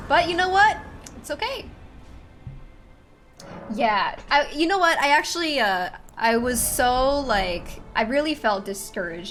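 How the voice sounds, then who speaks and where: A woman's voice: fairly high pitch, a bit bright. A young woman streaming a video game, chatting casually with her viewers, giggly and self-deprecating. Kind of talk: casual chat with viewers while gaming. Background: video game music.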